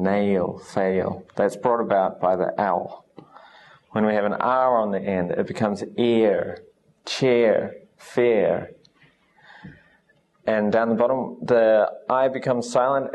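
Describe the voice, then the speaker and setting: Low-ish guy giving a pronunciation lesson, takes it real slow, spells out each sound. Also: darkish tone. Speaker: English teacher.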